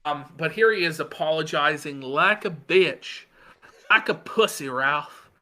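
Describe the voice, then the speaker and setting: A man's voice: a little high, unhurried, bright, forceful tone. A man co-hosting a podcast, casually reading posts aloud and mocking them with frequent swearing. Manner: sarcastic, mocking, swears often. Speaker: podcast co-host.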